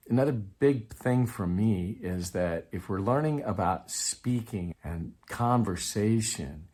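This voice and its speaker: A man with a somewhat low voice talks through his teaching method to camera. His delivery is relaxed and conversational, full of restarts, asides and the odd chuckle. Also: husky. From Texas. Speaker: Spanish learning coach. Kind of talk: casual explanatory talk to camera.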